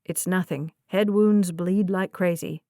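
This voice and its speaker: A woman's voice: fairly low pitch, a little slow, dry recording, studio quality. Woman voicing a terse, protective young man. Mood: calm. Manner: calm, terse, clipped.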